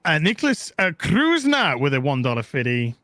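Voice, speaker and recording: A man's voice: a little high, wildly swooping pitch, normal speed, pushed and bright, roomy sound, long reverb tail. A man in a casual podcast chat reading out donor messages, chatty and giggly. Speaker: co-host reading donations.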